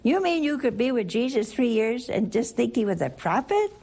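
A woman leading a Catholic Bible study, teaching in an animated, playful way and asking her listeners questions. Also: on the high side, normal speed, creaky. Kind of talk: lively scripture teaching to a group.

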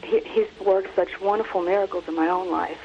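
A woman calling in to a show, who reads a prayer in a slow, earnest way. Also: fairly low pitch, fairly even intonation. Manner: earnest, measured recitation. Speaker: caller. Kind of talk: reciting a prayer over the phone. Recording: muffled phone line with faint hiss.

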